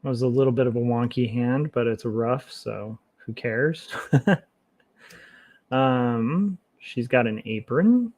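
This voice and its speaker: Slow, easygoing man thinking aloud. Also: mid-range voice. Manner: thinks aloud, relaxed and self-mocking. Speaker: comic artist streaming his work. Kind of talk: casual livestream commentary while drawing.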